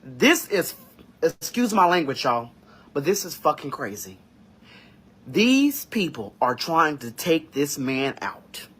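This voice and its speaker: Emotional guy holding back tears, slow and breathy, voice goes up and down a lot. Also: on the high side, big pitch swings, fairly bright tone. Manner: slow, halting, with sighs and long pauses. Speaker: vlogger reacting to news. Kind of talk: emotional reaction monologue.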